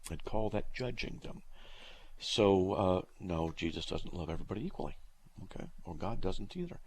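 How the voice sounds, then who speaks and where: Man, middle-aged, radio host, call-in show, blunt, dry humor, low voice, lively intonation. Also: normal speed, slight background noise. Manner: blunt and plain-spoken, with dry teasing humor. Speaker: radio host answering listener questions. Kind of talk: live call-in radio talk.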